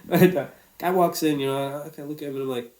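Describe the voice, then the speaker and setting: A man's voice: fairly high pitch, quick pace, a little mellow. A man, telling a personal story in a casual, reflective way, swearing freely.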